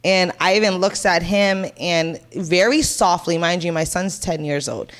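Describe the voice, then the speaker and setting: Puerto rican woman in her 30s, kinda low voice, tells stories animated and blunt, swears a lot. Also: measured pace. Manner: animated storytelling, blunt and profane. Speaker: podcast co-host. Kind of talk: casual chat.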